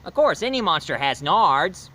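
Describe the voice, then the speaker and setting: A man's voice: high-pitched, big pitch swings, moderate pace, sharp tone, slight background noise, rough recording. A man chatting through a casual video film review, rambling with many fillers and restarts. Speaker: movie reviewer.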